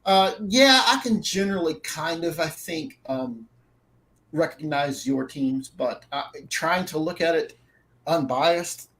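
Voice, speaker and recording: A man's voice: fairly high pitch, expressive, takes it slowly, fairly bright tone, low-quality recording. A man co-hosting a fantasy football show, chatty and prone to restarting sentences with fillers. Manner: chatty, self-interrupting with fillers. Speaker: fantasy football content writer co-host. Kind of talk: casual podcast chat.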